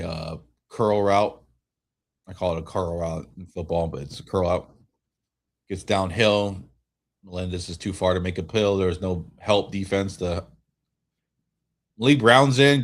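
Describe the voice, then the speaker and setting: A man streaming a watch-along, giving relaxed fan play-by-play while tired and yawning, often restarting his sentences. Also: deep voice. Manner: relaxed, rambling calls with frequent self-corrections. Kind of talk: casual fan play-by-play commentary.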